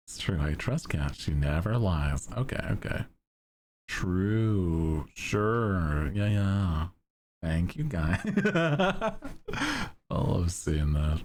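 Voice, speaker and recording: A young male streamer with a very deep, low voice, talking in an unhurried, laid-back monotone. He chats casually with his viewers, giggling now and then as he reads their messages. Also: slight background noise. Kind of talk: casual chat with chat.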